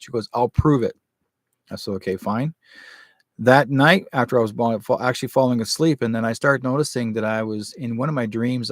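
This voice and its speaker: A man's voice: mid-range voice, no echo, studio quality. A man hosting a live online talk show, telling a long personal story in a rambling, casual way and acting out the dialogue.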